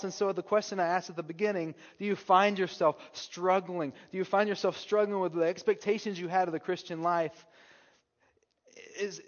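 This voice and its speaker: A man preaching a sermon as pastor, moving from hushed, slow passages to loud, urgent calls. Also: sits high, fairly even intonation. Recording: dull long-reverb hall sound.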